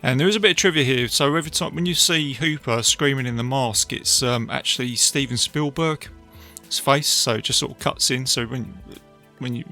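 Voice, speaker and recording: Out on a beach, a podcast host reviews a film solo, casually rambling a little and retelling scenes with plenty of fillers. His mid-range voice sounds bright and edged, carrying a steady gravelly fry, while faint music plays behind him.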